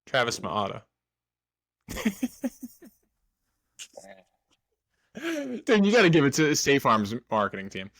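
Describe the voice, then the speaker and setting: A man co-hosting a sports podcast with a bright, lively voice, recorded close and dry. He jokes, teases his co-host and laughs often. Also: medium pitch, extremely slow, pauses often, dry recording. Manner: joking, laughs often, teasing. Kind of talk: casual sports chat.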